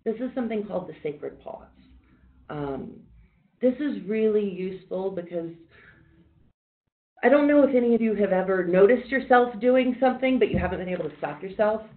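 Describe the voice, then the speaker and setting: A woman mindfulness instructor leading a workshop, talking people through deep breathing in a calm, reassuring, conversational way. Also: normal speed. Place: workshop room. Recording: echoey room on a tinny, phone-like line.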